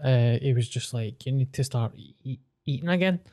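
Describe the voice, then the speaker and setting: A Scottish man telling stories frankly in a relaxed podcast chat, with a warm, mellow voice. He swears casually as he talks. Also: medium pitch, brisk. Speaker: podcast co-host.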